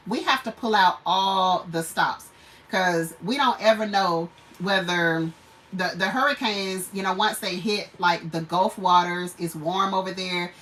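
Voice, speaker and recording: A woman's voice: medium pitch, fairly bright tone, distant mic, rough recording. A woman hosting a homestead channel, chatting casually on a livestream, laughing often and greeting viewers.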